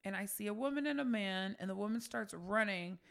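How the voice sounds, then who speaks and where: Woman podcast cohost telling a story, swears constantly, sharp bright voice. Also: medium pitch, brisk, creaky. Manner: profane, animated storyteller. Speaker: podcast co-host. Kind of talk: casual storytelling.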